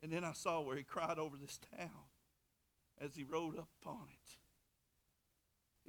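Pastor, male, high bright voice, impassioned sermon delivery with loud and hushed swings. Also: fairly even intonation, a little slow, pauses often. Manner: fervent, swings from soft to loud, repeats words.

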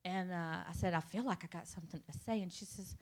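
Talking fast in a lowish voice, a woman shares her testimony in church, addressing the congregation directly in a conversational, storytelling way.

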